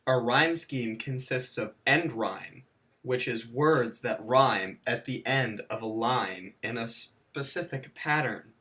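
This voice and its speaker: A man's voice: medium pitch, pushed and bright. A man narrating a scripted video lesson, slipping in dry jokes and mock self-corrections. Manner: counts and spells out points slowly. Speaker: teacher.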